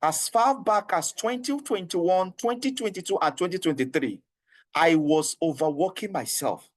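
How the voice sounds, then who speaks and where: A man with a Nigerian English accent runs an online HR training, his voice sitting a little on the high side. He coaxes and repeats himself earnestly. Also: moderate pace. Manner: earnest, repetitive and coaxing, with frequent laughs.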